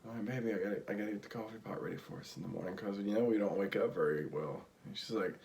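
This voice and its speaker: A man's voice: fairly low pitch, rapid-fire, creaky, darkish tone. A man chatting casually with his partner, telling jokey stories and mimicking her voice. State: tired. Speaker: co-host. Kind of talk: casual chat.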